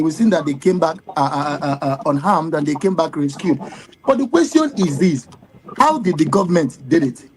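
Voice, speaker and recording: A man's voice: a little high, a little mellow, slight background noise, low-quality recording. A man with a Nigerian accent, a guest on a live discussion, speaking emphatically and indignantly with many rhetorical questions and stacked fillers. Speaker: guest commentator.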